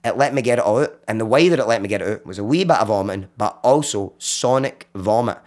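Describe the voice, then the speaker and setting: A Glaswegian man from Scotland, a podcast guest who tells his story in casual chat, animated and swearing freely. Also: fairly low pitch, quick pace. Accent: Glaswegian Scottish. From Glasgow, Scotland. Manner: animated, swears freely, acts out quoted voices.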